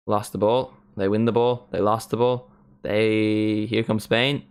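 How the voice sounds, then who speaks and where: A young man talks through a football match on a live stream in a loose, rambling way, filling his sentences with "like" and "you know." His voice sits slightly low for a man. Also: level tone, measured pace, clean tone. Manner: rambling, many "like" fillers, sings along at times. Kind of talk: casual live commentary and chat.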